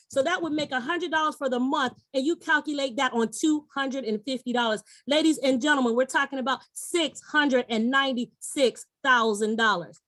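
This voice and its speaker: Woman, middle-aged, high voice, dry close sound, enthusiastic sales presenter, persuasive. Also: a bit bright, no echo. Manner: enthusiastic, persuasive, speaks directly to the audience.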